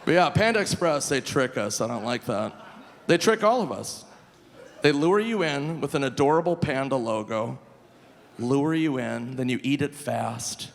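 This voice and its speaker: A man in his forties from Minnesota doing a live stand-up set, animated and self-mocking, often breaking into laughter. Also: medium pitch, normal speed, vocal fry. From Minnesota, USA. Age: 40s. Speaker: stand-up comedian. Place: live theater stage. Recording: reverberant live venue, faint room noise.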